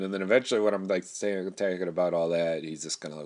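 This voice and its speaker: Young guy, very low voice, rambling candid storyteller, casual. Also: fairly even intonation, fast talker, few pauses, darkish tone. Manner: rambling, candid, with frequent restarts and profanity. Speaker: storyteller recounting personal experience.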